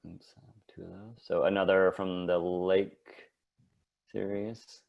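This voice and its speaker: A man's voice: low-pitched, little pitch movement, slow pace, vocal fry, narrow, tinny audio. A man giving a casual slide talk as a guest artist, rambling with many fillers and restarts.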